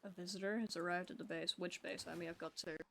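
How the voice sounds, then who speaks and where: A woman's voice: fairly low pitch, fairly even intonation, quick pace, creaky, a little hiss or hum. A woman streaming a game, chatting casually and talking to the creatures on screen. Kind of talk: casual gameplay chat.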